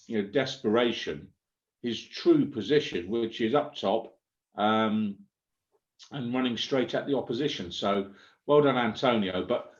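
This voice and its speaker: Lively, hesitant man on lo-fi audio. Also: mid-range voice. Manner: hesitant, optimistic, lots of fillers. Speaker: panelist. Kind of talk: live match chat. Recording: lo-fi home audio.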